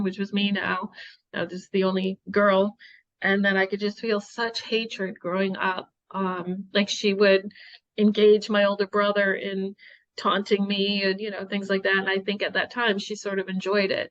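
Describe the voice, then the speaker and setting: A woman's voice: mid-range voice, a bit bright, dull audio. A middle-aged woman hosting, talking through painful family memories in a heartfelt, rambling way full of "you know"s. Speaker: host. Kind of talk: emotional personal conversation.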